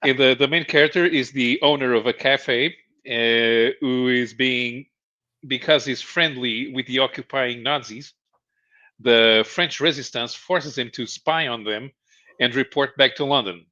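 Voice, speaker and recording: A man explaining a show in casual chat as podcast co-host, halting and restarting, chuckling as he goes. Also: medium pitch, bright, forceful tone. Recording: dull lo-fi stream audio.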